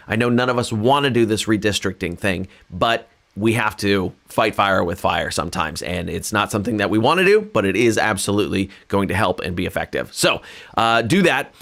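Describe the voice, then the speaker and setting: A man's voice: on the low side, a bit bright. A Californian man hosting a casual livestream from home, talking in an earnest, rambling way with many restarts. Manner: rambling, earnest, self-deprecating, with frequent restarts. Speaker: livestream host and musician. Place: home, playing guitar. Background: faint guitar.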